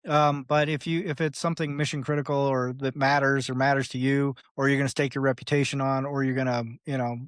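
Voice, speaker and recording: Seorang pria tamu podcast yang bicara santai dan bertele-tele, sering memerankan suara orang lain, tertawa, dan sesekali memaki. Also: male voice, mid-range voice, quick pace, few pauses, no echo, studio quality. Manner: rambling, animated, acts out voices, swears, laughs. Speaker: podcast guest. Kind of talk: casual interview talk.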